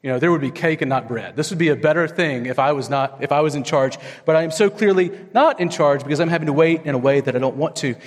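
A man, probably in his thirties, preaching a sermon as pastor, telling personal stories in a conversational way with big swings between loud, high moments and low, quiet ones. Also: fast, hardly any pauses, long reverb tail. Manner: conversational storytelling with wide swings in pitch.

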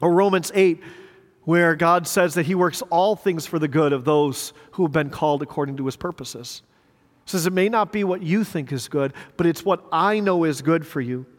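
A middle-aged male pastor delivers a sermon in a church sanctuary, his voice pitched high for a man. He preaches in a conversational way, repeating words and asking the congregation rhetorical questions. Long reverb from the big room trails after each phrase. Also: normal speed.

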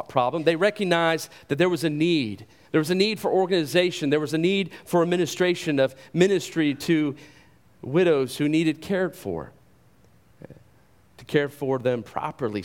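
A male pastor delivering a sermon with emphatic, rhetorical delivery. His voice sits a little higher than most men's, and he often repeats a word as he drives a point home. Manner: emphatic, rhetorical questions, repeats words when stressing.

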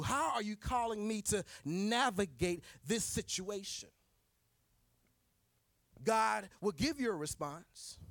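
A man delivers a sermon in a fairly high voice, leaning on repeated rhetorical questions to press his point. His delivery is emphatic and direct. The sound is dry and close. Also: a bit bright, no room sound. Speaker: preacher.

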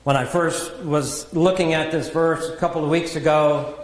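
A man preaching a sermon in a measured, earnest teaching manner, with self-deprecating asides. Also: on the high side, steady tone. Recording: echoey hall with long reverb.

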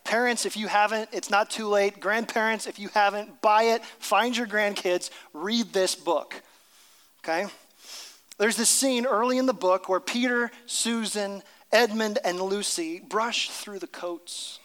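Middle-aged male pastor, high bright voice, emphatic sermon delivery, long church reverb. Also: steady tone, a little slow. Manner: emphatic, reads story aloud with character voices.

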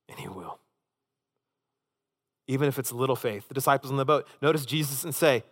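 A man preaching a sermon as pastor, impassioned, swinging between loud urgency and hushed intensity. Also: mid-range voice, moderate pace, pauses often, long reverb tail.

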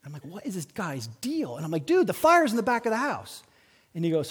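Man, pastor, high voice, very lively pitch, animated storytelling sermon, reverberant hall. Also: fairly quick, husky.

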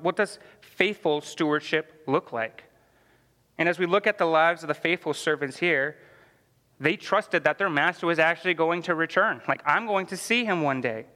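A man's voice: on the high side, pushed and bright, in a large hall. A man teaching a church Bible class in a conversational way, full of "like" fillers and questions to the class.

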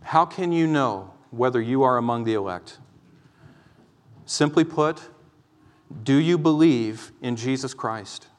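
A man preaching a sermon from the pulpit, earnest and pleading, moving between urgent exhortation and quieter teaching. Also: mid-range voice, lively intonation, takes it slowly, long pauses. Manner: impassioned, pleading, swings from loud exhortation to quiet explanation. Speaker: pastor. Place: church. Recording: long reverb of a church hall.

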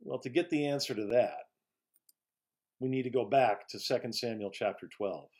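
A man pastor giving a slow, emphatic devotional sermon, rising to stress key words and dropping softly at phrase ends. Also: medium pitch.

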